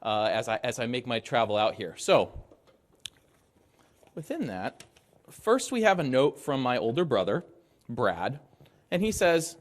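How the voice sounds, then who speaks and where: A man's voice: mid-range voice, sing-song, unhurried, pauses often. Upbeat man presenting at a conference. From Arizona, United States. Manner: upbeat, joking, emphatic opening. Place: conference hall stage.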